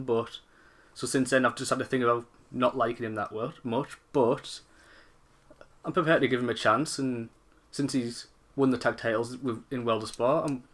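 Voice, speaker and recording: A man offers his thoughts on a wrestling match in casual talk. His voice sits at an ordinary mid pitch, and he hesitates and restarts as he goes. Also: a bit bright. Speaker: guest reviewer. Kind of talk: casual spoken opinion.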